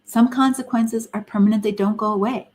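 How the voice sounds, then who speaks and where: A woman's voice: on the high side, steady tone, fairly quick, a little mellow. A middle-aged woman giving an earnest, emphatic teaching talk on a live stream, asking many rhetorical questions. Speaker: Christian counselor and speaker.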